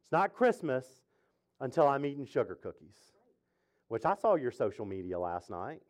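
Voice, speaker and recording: A male pastor's mid-range, slightly mellow voice is very animated as he preaches at normal speed. He jokes and chats through a casual sermon in a church sanctuary, putting questions to the congregation.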